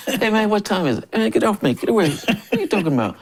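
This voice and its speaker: An older man in his sixties from Memphis, a drummer and interview guest, telling stories in a lively way, often laughing and acting out other people's lines. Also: high voice, quick pace. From Memphis, USA. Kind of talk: casual storytelling interview.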